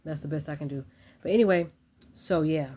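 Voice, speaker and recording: A woman's voice: deep voice, a little fast, warm tone. A young woman chatting casually to her phone camera at home, rambling and talking straight to her viewers. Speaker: vlogger.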